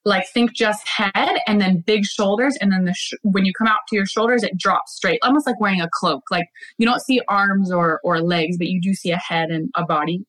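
A woman is telling a story in a relaxed chat, her voice sitting at an ordinary middle pitch. She speaks animatedly and breaks into laughter often. Her sentences wander with "like" fillers and restarts. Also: normal speed, hardly any pauses, poor audio. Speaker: guest. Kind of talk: casual storytelling in conversation.

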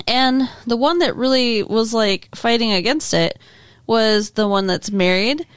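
Frank woman on a podcast, kinda high voice, dry close sound. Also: measured pace, clean tone, no echo. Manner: blunt, frank, swears. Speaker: podcast co-host. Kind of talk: casual chat reviewing a TV show.

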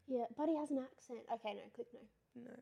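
A young woman with a fairly high voice co-hosts a podcast. She chats casually, laughing easily and dropping dry quips. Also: fast, gravelly, slightly rough, dull audio. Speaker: podcast co-host. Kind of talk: casual chat.

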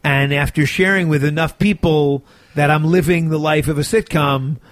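A man with a slightly high voice talks animatedly about his work in an interview and sounds tired. The sound is dry and close, with no room echo. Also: moderate pace. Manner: animated, chatty storyteller. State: tired, yawning. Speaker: actor and sitcom co-creator. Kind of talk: casual interview talk.

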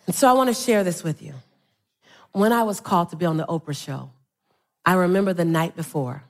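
A woman's voice: fairly low pitch, fairly quick, pauses often. A middle-aged woman speaking on stage to a live audience, telling playful stories and building to rhythmic motivational calls.

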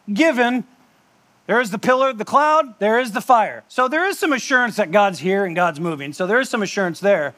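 Casting: a chatty preacher, high voice, jokey asides. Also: male voice, sharp tone. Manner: conversational, joking, with asides and laughs. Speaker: pastor. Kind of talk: sermon.

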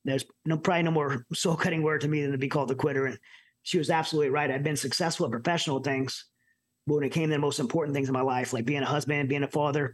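A middle-aged man from the United States telling his personal story as an interview guest, earnest and halting with many restarts. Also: fairly high pitch. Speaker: podcast guest.

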